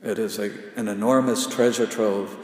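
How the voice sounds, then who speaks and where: A man preaching a sermon in a slow, repetitive cadence with dramatic pauses, often sinking to a hushed intensity. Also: on the low side, steady tone. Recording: echoey hall with long reverb.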